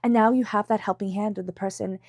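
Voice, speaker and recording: A congested woman giving a casual, chatty tarot reading to camera, emphatic at times and dropping into soft whispers. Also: mid-range voice, steady tone, fast, dry recording, studio quality. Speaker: tarot reader.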